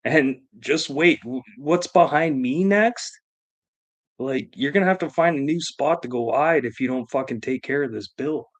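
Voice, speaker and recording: A man spins a yarn on a live stream, swearing freely and circling back to repeat his points. His voice sits at an ordinary pitch, and his delivery is loose, crude and emphatic. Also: normal speed. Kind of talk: profane comedic storytelling.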